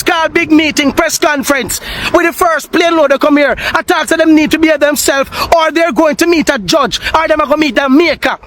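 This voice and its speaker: A man with a Jamaican Patois accent giving an impassioned political speech, often shouting and repeating himself. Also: extremely high pitch, slight background noise. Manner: fiery, shouting, repetitive. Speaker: opposition party speaker.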